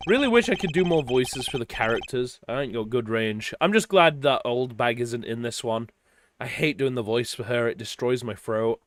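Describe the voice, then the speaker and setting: A man's voice: medium pitch, animated, normal speed, a little hiss or hum. A man streaming a video game, chatting casually and rambling with trailing sentences and swearing. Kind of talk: casual let's-play chat. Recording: game music behind.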